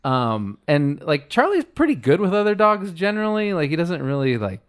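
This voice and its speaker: A man's voice: fairly high pitch, sing-song, normal speed, clean tone. A man telling a story in casual podcast chat, rambling with lots of "like" and chuckling at himself. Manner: rambling, many likes, self-amused laughs. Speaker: podcast host.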